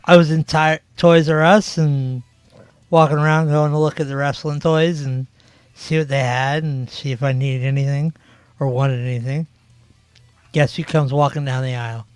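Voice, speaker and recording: A man's voice: on the high side, fairly even intonation, moderate pace, clean tone, no echo, soft background music. A man in his forties hosting a podcast, telling rambling stories in casual chat with lots of fillers. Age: 40s. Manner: rambling, filler-heavy storytelling. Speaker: podcast host.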